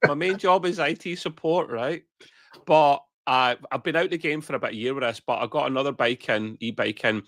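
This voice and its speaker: A man's voice: medium pitch, brisk, fairly bright tone, no echo, studio quality. A man from Scotland with a Scottish accent, co-hosting a casual podcast and chatting away, hedging his answers and laughing them off. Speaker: podcast co-host. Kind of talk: casual chat.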